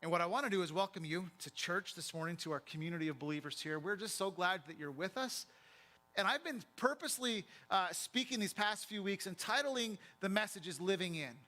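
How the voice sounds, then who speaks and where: A man with a high voice delivers a sermon from a church pulpit. He has a bright, forceful tone and talks in a vivid, conversational way, as if he were chatting with the congregation. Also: animated, brisk. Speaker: pastor.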